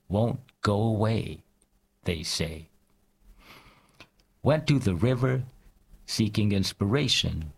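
A man in casual conversation who reads poems aloud in a measured recital with pauses. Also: fairly low pitch, breathy edge. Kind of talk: casual chat and poetry reading.

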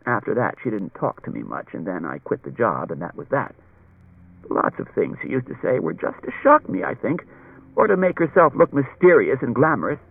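A man's voice: mid-range voice, big pitch swings, brisk, creaky, slightly rough, no echo, full character voice. A man reading an audiobook, voicing a chatty, anxious wife who tells stories in a rambling, roundabout way, on a dull lo-fi recording. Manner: rambling, circuitous storytelling.

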